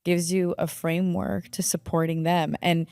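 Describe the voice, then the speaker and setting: A woman hosting a podcast speaks calmly and thoughtfully, with a slightly low voice. She sets out her ideas at a measured pace. The recording is dry and close. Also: vocal fry, clear, resonant tone, no room sound. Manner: calm, measured, reflective. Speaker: podcast host. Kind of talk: supportive interview conversation.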